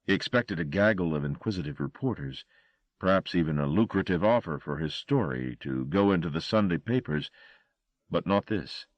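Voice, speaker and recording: A man reading a horror audiobook with a dramatic, expressive delivery. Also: sits low, brisk, no echo. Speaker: audiobook narrator. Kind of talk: scripted horror narration.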